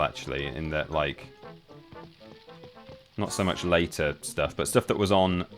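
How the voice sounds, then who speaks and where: Gaming on a live stream, a young man chats casually with his viewers in a low voice, rambling and frequently abandoning sentences to start over. Soft game music stays quiet in the background.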